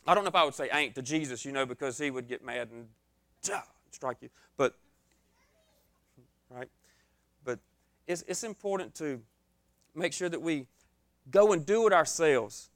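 A man's voice: on the high side, expressive, unhurried, pauses often, a bit bright, no room sound, clean studio sound. A young man preaching an informal, joking sermon, acting out his own scared reactions.

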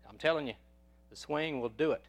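A man's voice: a little high, brisk. A man telling a joke as an eager pet store saleswoman. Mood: insistent. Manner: eager, persuasive sales talk. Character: female pet store clerk, insistent saleswoman.

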